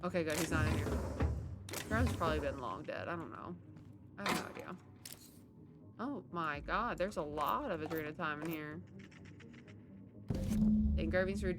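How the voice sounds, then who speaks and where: A woman talks casually through her playthrough, reacting out loud and laughing as she explores. Her voice sits low, and game music plays clearly behind her. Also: normal speed, pauses often. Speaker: gameplay streamer. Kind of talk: casual let's-play commentary.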